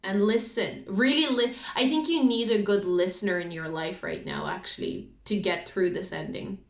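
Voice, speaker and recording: A woman's voice: mid-range voice, moderate pace, vocal fry. A woman giving an intuitive card reading to her viewers, earnest and emotional, rambling with many fillers. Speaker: tarot reader. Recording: echoey room.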